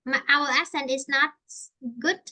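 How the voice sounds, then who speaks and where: A Vietnamese-accented woman teaches an English lesson online, explaining slowly in simple English and repeating herself. Her high voice is bright and pushed, with fairly even intonation.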